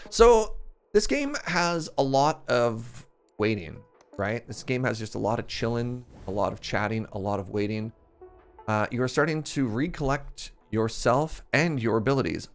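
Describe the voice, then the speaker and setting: A man live-streaming a game, telling a story in a chatty, animated way and laughing at himself. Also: medium pitch. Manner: animated storytelling, self-mocking, laughs often. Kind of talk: casual live-stream chat. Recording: faint game music behind.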